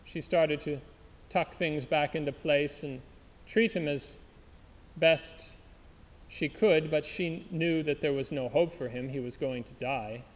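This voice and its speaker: A man tells a dramatic story in an earnest sermon, with a high voice. His delivery is slow and deliberate, and a long hall reverb trails after each line.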